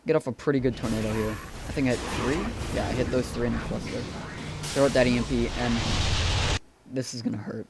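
Gravelly guy commenting a game replay. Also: mid-range voice, fairly even intonation, a little fast, very noisy. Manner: profane, offhand, talks over replay. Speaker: gameplay commentator.

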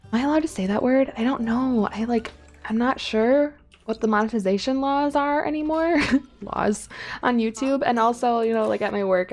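A woman's voice: fairly high pitch, gravelly, darkish tone. A young woman chatting casually over her gameplay, rambling and giggling at her own asides. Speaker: gaming YouTuber.

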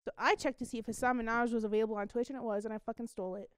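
Fast-talking woman podcast co-host. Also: a little high, fairly even intonation, clean tone, dry recording. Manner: quick, profane, laughing storyteller. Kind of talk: casual podcast chat.

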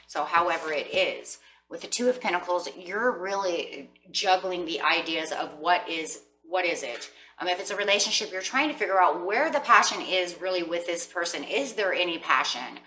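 A woman's voice: fairly low pitch, normal speed, pushed and bright, reverberant, distant mic, a little hiss or hum. A woman giving a casual tarot reading, talking to her viewers in a chatty, rambling way. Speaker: tarot reader.

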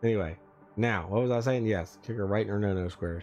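Man, gravelly, livestream host; teasing and indignant rant. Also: on the low side, fast talker, darkish tone, soft background music. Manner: ranting, teasing, exaggerated indignation.

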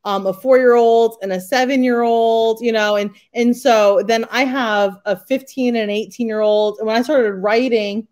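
A woman's voice: on the high side, fairly even intonation, normal speed, few pauses, a little mellow. Laughing, self-deprecating woman author. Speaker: author guest. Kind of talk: casual interview chat.

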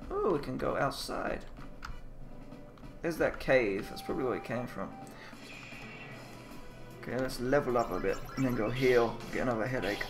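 A man's voice: medium pitch, expressive, normal speed, long pauses, over music. A man playing a game and commenting in English, working through its Japanese text line by line and often trailing off to second-guess himself. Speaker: let's player.

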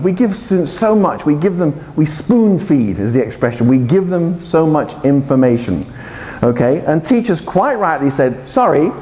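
A man talks to a hall full of teachers. His voice sits a little high and swings widely, and he is playful as he quizzes the room. A long echo from the conference hall trails his words. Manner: animated, playful, acts out voices and quizzes the audience. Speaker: conference speaker, English teacher trainer. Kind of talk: lively conference talk with audience interaction.

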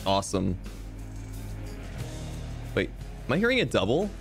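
A young man streams a game and chats with his viewers in a goofy, rambling way, joking and complaining as his pitch swoops wildly. He talks a little slowly with a creaky voice, and faint music plays beneath him.

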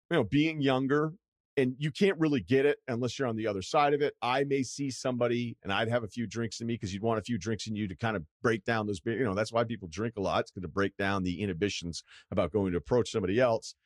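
A man's voice: medium pitch, no echo, clean studio sound. A middle-aged man hosting a podcast, telling a rambling, profane, self-deprecating story in casual chat. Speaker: podcast host.

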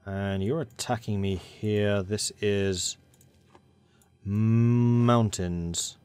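A man's voice: lowish voice, fairly even intonation, drawn-out words, a little mellow, clear, resonant tone. A man commentating a strategy game, thinking aloud and talking to the game's factions as he plays. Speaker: gaming channel host.

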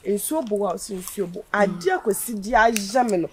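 A woman's voice: mid-range voice, moderate pace, a little mellow, a little hiss or hum, natural voice. An actress playing a distraught young woman who pleads with her sister, wailing and repeating herself. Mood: pleading, tearful. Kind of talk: Ghanaian film drama acting.

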